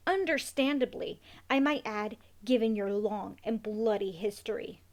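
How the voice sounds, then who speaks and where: A woman's voice: mid-range voice, a little slow, a little mellow, natural voice. A woman voicing a pompous, prim male pet rat who speaks with haughty sarcasm in a storybook reading.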